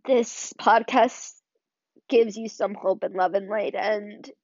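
A woman's voice: medium pitch, steady tone, slow pace, a little mellow, dry recording. Choked-up woman, earnest podcast monologue. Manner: earnest, rambling, many "like" and "you know" fillers. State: emotional, choked up near tears. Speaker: podcast host. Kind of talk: heartfelt solo podcast monologue. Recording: dry, slightly dull lo-fi sound.

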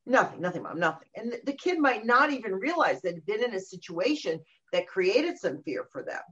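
Middle aged woman talking parenting, animated, does little voices for quotes, dull lo-fi audio. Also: on the high side, moderate pace. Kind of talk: casual conversation. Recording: dull lo-fi recording.

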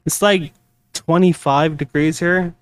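A high-pitched man chatting on a podcast from his room, joking, laughing often and egging his friends on. He talks slowly with a crisp, clear tone and sounds a bit tipsy. The sound is dry and close. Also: fairly even intonation, dry recording. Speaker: podcast co-host. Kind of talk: casual chat.

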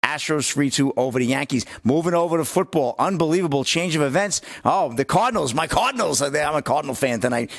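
A man hosting the sports segment of a casual talk show, rattling off scores and getting excited. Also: on the high side, quick pace, few pauses, dry recording, studio quality.

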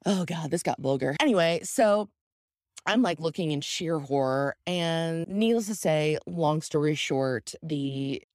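A woman hosting her own podcast, telling a candid, self-deprecating story in a casual, animated way. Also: low voice, unhurried, no room sound, studio quality. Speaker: podcast host.

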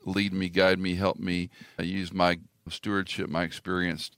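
Male interview host, very low gravelly voice, self-deprecating humor. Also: little pitch movement, moderate pace, a bit bright, no echo. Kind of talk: casual interview talk.

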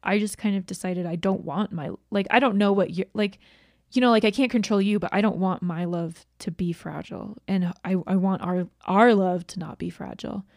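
A woman's voice: medium pitch, fairly quick, darkish tone, no room sound, clean studio sound. A young woman co-hosting a podcast, chatting casually with lots of fillers. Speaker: podcast co-host. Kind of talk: casual chat.

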